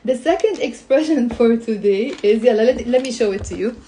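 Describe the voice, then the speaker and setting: A woman teaching Lebanese Arabic in a live-streamed lesson, chatty and laughing often, greeting viewers as she drills phrases slowly. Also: on the high side, lively intonation, warm tone, slight background noise.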